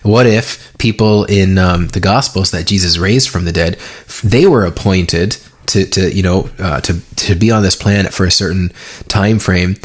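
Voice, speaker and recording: Male podcast host, lower voice, relaxed rambling chat. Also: normal speed. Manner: loose, rambling, with many fillers. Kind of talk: casual conversation.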